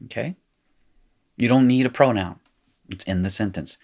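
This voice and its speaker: Low-voiced middle-aged male teacher, chatty, explains as he goes. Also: normal speed, darkish tone. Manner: chatty, explanatory, thinking aloud. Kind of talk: recorded screen lesson.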